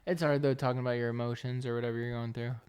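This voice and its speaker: A man's voice: medium pitch, level tone, very fast, a little mellow, clean tone. A young man co-hosting a podcast, chatting casually and teasing his partner. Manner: teasing, playful. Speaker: podcast co-host. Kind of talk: casual chat.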